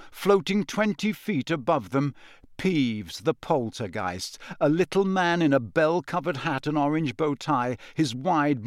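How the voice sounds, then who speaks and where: A man narrating a fantasy audiobook in a measured, expressive storytelling manner. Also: fairly high pitch, no room sound, studio quality. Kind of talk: scripted narration.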